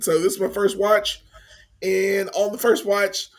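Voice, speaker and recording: A man's voice: high voice, level tone, unhurried. A man in his forties co-hosting a movie podcast, talking in a slangy, enthusiastic, casual way. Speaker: podcast co-host. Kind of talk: casual movie review chat.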